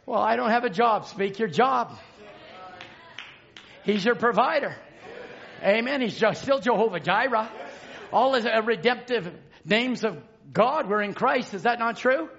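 A male preacher delivering a sermon, shouting in a repetitive, chanting cadence. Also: very high-pitched, animated, measured pace, creaky, pauses often, muffled recording.

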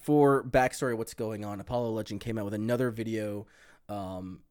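A man co-hosting a podcast, talking in a loose, profane, animated way with plenty of fillers. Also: on the low side, normal speed, smooth. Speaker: podcast co-host. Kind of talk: casual chat.

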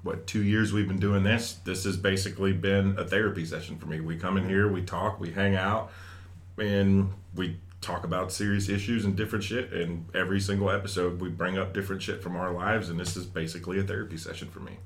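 Deep laid-back man. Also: fairly even intonation, a little fast. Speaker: podcast host. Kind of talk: casual chat.

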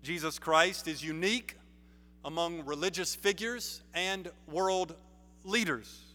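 Slow emphatic preacher in a reverberant hall. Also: male voice, fairly high pitch, pushed and bright. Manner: measured, emphatic preaching with rising stresses. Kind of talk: sermon. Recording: long reverb of a large hall.

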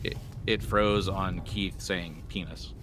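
A man narrating a tabletop role-playing game as game master, slow and laid-back. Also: sits low, fairly even intonation, a bit bright.

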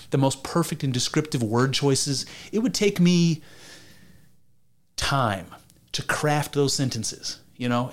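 A man co-hosting a podcast, chatting casually and enthusiastically, rambling with restarts and the odd swear word. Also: fairly high pitch. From United States. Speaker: podcast co-host. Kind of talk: casual chat.

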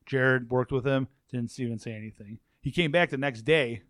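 A man's voice: mid-range voice, normal speed, a bit bright, dry recording, clean studio sound. A man in casual chat, telling rambling stories full of swearing and quoted asides. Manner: profane, rambling storyteller.

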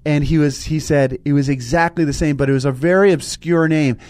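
A man's voice: on the high side, a little fast, no room sound. A man co-hosting a casual spiritual talk show, telling stories with lots of restarts. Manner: animated storytelling, frequent restarts. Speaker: co-host.

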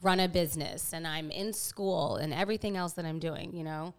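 A woman's voice: low-pitched, fairly quick. A woman, likely in her thirties, talking bluntly and candidly in a casual chat, with casual swearing.

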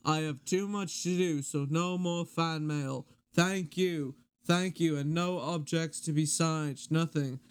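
A man's voice: fairly high pitch, fairly even intonation, smooth. Man doing a drawling aging rock drummer. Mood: laid-back warning. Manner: slow, drawn-out delivery, repeating a stock sign-off. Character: older male rock drummer, laid-back, drawling, preachy.

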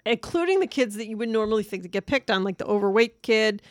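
A woman's voice: fairly high pitch, lively intonation, fast talker, no room sound. Woman recapping a film plot, dry sound. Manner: conversational, summarizes plot with hesitant restarts. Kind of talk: casual movie review chat.

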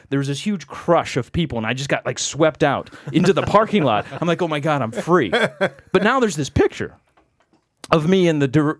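A man telling a long anecdote on a podcast, animated and acting out the other people's voices. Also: on the high side, no echo, clean studio sound. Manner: animated, acts out quoted voices. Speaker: podcast guest. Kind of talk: storytelling anecdote.

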